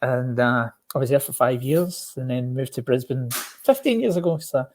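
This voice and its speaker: A man with a Glaswegian Scottish accent talks casually as a podcast guest, joking and laughing as he goes. He stumbles and repeats words while telling his story. His voice sits at an ordinary middle pitch. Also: lively intonation, moderate pace, darkish tone. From Scotland. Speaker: podcast guest, safety coach. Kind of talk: casual chat.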